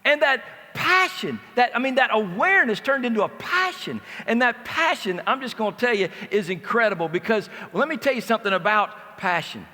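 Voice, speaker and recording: Male conference speaker, animated storyteller, high, bright voice, long hall reverb. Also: brisk, few pauses. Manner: lively storyteller acting out quoted dialogue. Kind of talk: motivational storytelling talk. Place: large indoor conference hall.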